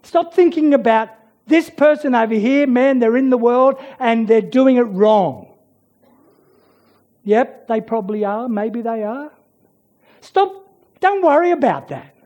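A preacher giving a sermon, swinging between loud urging and hushed near-whispers. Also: medium pitch, a little slow, dull audio.

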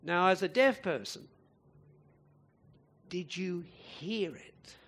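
A man's voice: high voice, slow, a bit bright, slightly rough. A man preaching a sermon in a conversational way, often asking the listeners rhetorical questions, with occasional emphatic bursts.

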